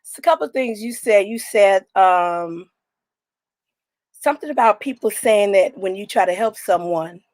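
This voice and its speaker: A woman joining a casual chat as a guest over a video call, chatty and quick with asides. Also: medium pitch, animated, a little mellow.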